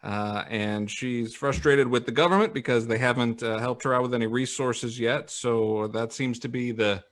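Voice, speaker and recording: A man co-hosting a casual podcast happy hour, reading out viewer comments in a relaxed, halting way with plenty of fillers. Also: mid-range voice. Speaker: podcast co-host. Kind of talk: casual live-stream chat.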